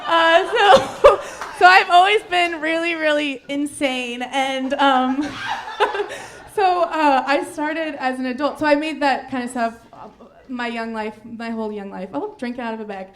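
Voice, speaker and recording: A woman's voice: high-pitched, a little slow, a bit bright. A woman comedian telling a rambling, self-mocking story on stage, often breaking into giggles. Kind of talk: live storytelling stand-up.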